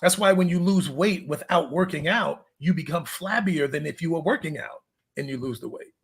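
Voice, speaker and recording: Husky high-voiced fitness coach. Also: male voice, normal speed, fairly bright tone. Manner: loose, storytelling, acts out conversations. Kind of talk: casual interview chat.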